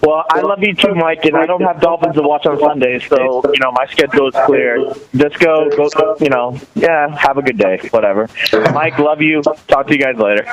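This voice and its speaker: A middle-aged man talking as a podcast guest in casual chat, telling rambling, animated stories full of restarts. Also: fairly high pitch, normal speed, poor audio.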